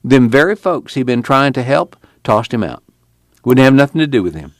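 A man voicing an earnest, excitable former preacher with a rural drawl. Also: mid-range voice, normal speed, no echo, clean studio sound, voice pushed up. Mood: impassioned. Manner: rural Dust Bowl drawl, impassioned.

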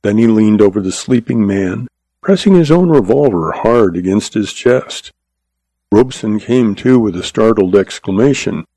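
A man reading a Western story aloud in a steady, measured narration. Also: lowish voice, no echo. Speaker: audiobook narrator.

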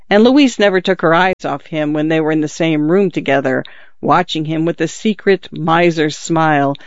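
A man reads a literary short story aloud with measured, even delivery. His voice sits slightly high for a man. The recording is dry, close and a little muffled. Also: smooth, dry recording. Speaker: narrator. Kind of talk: audiobook narration of a literary story.

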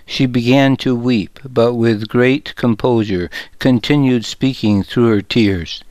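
A man narrating a story in the first person, calm and measured. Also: mid-range voice, dry recording. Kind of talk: audiobook narration.

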